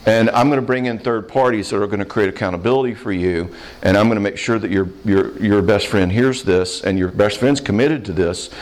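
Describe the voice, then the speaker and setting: A man counseling a live audience in a Q&A, plainspoken and animated, acting out short quoted voices. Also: lowish voice, brisk. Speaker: counselor answering audience questions.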